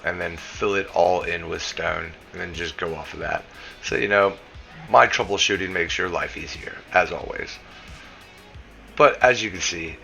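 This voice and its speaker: A man's voice: low voice, creaky, bright, forceful tone. A man with a Southern US accent giving a casual, chatty voice-over for a game building tutorial, dropping plenty of "you know" asides. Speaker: game building guide creator.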